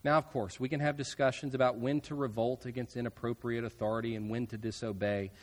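A man preaching a sermon, earnest with casual asides, trailing off softly at the ends of phrases. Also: mid-range voice, level tone, quick pace, long reverb tail. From United States. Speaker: pastor.

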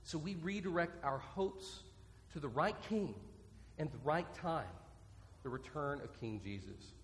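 A man's voice: on the high side, expressive, measured pace. Earnest preacher man in a reverberant hall. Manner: earnest, repeats key points for note-taking. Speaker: pastor. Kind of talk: sermon. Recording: long reverb from a large hall.

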